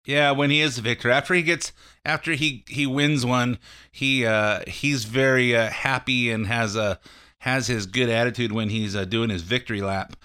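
A man's voice: mid-range voice, steady tone, moderate pace, pushed and bright, smooth. A man hosting a call-in radio show, talking off the cuff about politics in a rambling way, full of fillers and restarts. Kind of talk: casual political commentary.

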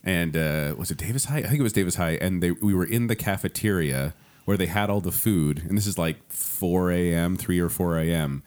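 A man's voice: low voice, fairly quick, darkish tone. A man co-hosting a casual chat, chiming in with short agreements and laughs and telling his own improv stories.

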